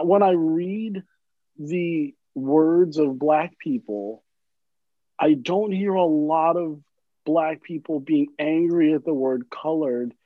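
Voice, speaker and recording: A man's voice: on the high side, dry recording, lo-fi sound. A man in casual podcast conversation, rambling and searching for words, swearing at times. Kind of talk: casual chat.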